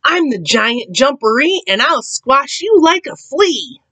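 A woman voicing a hidden storybook creature that booms rhymed threats from a burrow. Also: sing-song, takes it slowly, bright, forceful tone, heavily acted. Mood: boastful. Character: boastful hidden burrow creature, loud and menacing.

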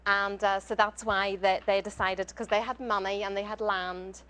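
A woman's voice: medium pitch, flat delivery, moderate pace, fairly bright tone, clean tone. Irish woman talking through a cooking class. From Ireland. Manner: earnest, with frequent restarts and fillers. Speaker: guest cookbook author. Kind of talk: casual cooking class chat.

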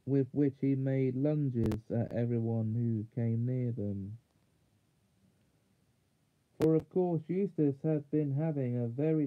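A man reading a children's fantasy chapter book aloud in a measured way, now and then correcting small slips. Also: mid-range voice. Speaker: audiobook reader. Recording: tinny phone-like sound.

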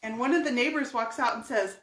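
A woman's voice: fairly high pitch, fast, a bit bright, roomy sound, poor audio. A woman telling a story casually while she works on furniture, chatty and laughing often. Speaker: furniture painting vlogger.

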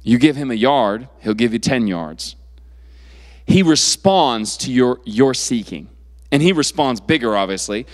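A man's voice: medium pitch, animated, measured pace, in a large hall. A young man preaching to a youth group in a casual, conversational way, full of fillers and restarts. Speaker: youth pastor. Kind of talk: youth sermon.

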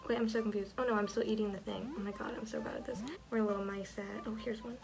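A woman in her twenties commenting on a game as she plays, excitable, gasping and swearing often. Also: medium pitch, fast talker, few pauses. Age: 20s. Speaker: gamer. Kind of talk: let's play commentary. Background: game music.

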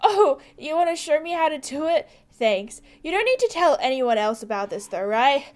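A stuck-up teenage newcomer from a horse-riding video game, shrill and boastful, quick to snap when she is startled, as a woman reads her part. Her high voice leaps up and down as she protests and brags. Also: big pitch swings. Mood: flustered. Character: snooty, jumpy new teen girl at a stable. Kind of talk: reading game dialogue aloud.

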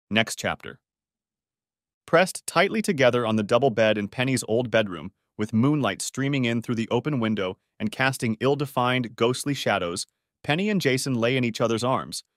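A man reading a story aloud as a scripted audiobook narration, steady and descriptive, close to the mic. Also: lowish voice, dry recording.

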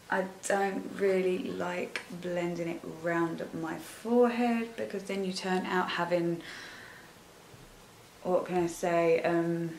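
A woman's voice: medium pitch, a little mellow, a little hiss or hum. A young woman doing a casual makeup tutorial, chatting in a rambling way and gushing over the products. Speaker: beauty vlogger. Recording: echoey room.

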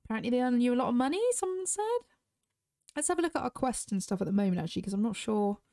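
A woman's voice: on the high side, racing, creaky, mellow, dry recording, clean studio sound. A British woman chatting casually to her viewers while playing a horse game, asking questions and musing aloud. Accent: British English. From Britain. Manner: chatty, talks straight to viewers. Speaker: gaming YouTuber. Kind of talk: casual gameplay commentary.

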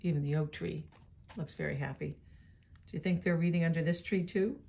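A woman reads a children's picture book aloud in a lowish voice. She stops now and then for gentle, chatty asides to her young listeners. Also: fairly even intonation, brisk, vocal fry.

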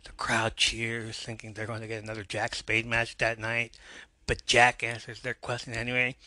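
Male podcast host, very bright voice, dry close sound, casual recap with laughing asides. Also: medium pitch, unhurried, no echo. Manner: reads scene aloud, imitating characters with a drawl, laughing asides.

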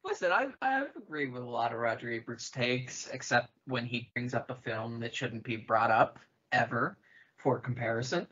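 Bright-voiced playful man, lo-fi. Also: medium pitch, expressive, moderate pace, husky. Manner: playful, joking, reads quotes with asides. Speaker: podcast co-host. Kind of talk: casual chat, reading reviews aloud. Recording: dull lo-fi sound.

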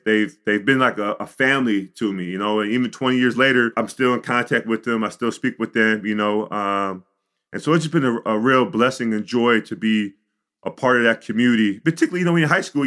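A middle-aged man from the Chicago suburbs, a podcast guest telling his life story in an animated way, with frequent "you know" and "like". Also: lowish voice. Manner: animated storyteller, acts out quotes. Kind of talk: storytelling interview.

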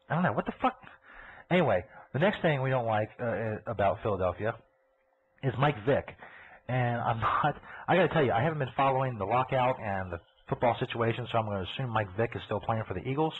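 A man's voice: medium pitch, lively intonation, a little fast, a little hiss or hum. A man hosting a live podcast, ranting crudely and sarcastically. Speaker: podcast host. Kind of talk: profane live podcast rant. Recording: tinny phone-like audio.

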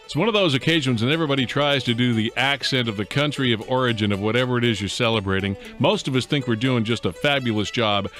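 A man's voice: mid-range voice, fast talker, few pauses, fairly bright tone, faint music behind. A man hosting a morning radio show, chatty and joking as he interviews a guest. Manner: chatty, joking, self-deprecating.

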